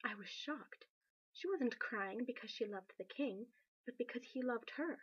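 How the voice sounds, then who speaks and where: A woman reading a novel aloud in a steady, measured narration. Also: a little high, breathy edge, no room sound, dull audio. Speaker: reader.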